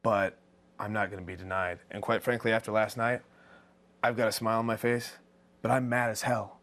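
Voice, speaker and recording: A man with a lowish voice speaks as a professional wrestler in an interview. He is earnest and fired up, pressing his points hard. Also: little pitch movement, fairly quick, a bit bright. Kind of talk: backstage interview.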